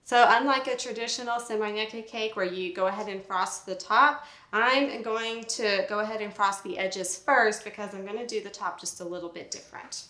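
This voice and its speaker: A bubbly woman talks through a recipe while she works, chatty and quick to laugh. Her voice sits at an ordinary pitch, and the kitchen gives it a noticeable roomy echo. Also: pushed and bright. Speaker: recipe vlogger. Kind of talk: casual cooking demonstration.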